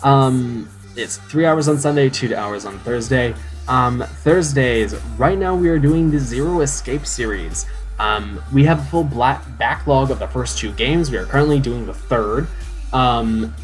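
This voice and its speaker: A man's voice: medium pitch, a little slow, soft background music. A young man rambling on a live game stream, full of "um"s and restarts, joking about himself. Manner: chatty, self-mocking. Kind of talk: casual live-stream chat.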